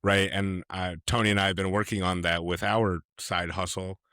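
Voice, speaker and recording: A man's voice: deep voice, flat delivery, normal speed, a bit bright, dry recording, clean studio sound. A man hosting a casual podcast interview, chatty and leaning on tag questions. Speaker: podcast host.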